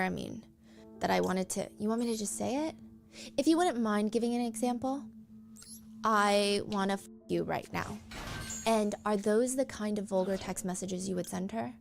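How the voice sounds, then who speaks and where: A woman talks through a court case in a relaxed, conversational way, reading out testimony between her own remarks. Her pitch sits in an ordinary middle range, and "like" keeps cropping up as she thinks aloud. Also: gravelly. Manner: conversational, says "like" often. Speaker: streamer recapping a trial.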